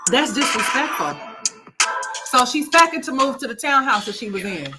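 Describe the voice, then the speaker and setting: Loud music plays behind this Oklahoma woman as she hosts a commentary stream on a reality video, ranting brashly, sassily, and with lots of swearing. Her voice sits high and sing-song at a normal speed.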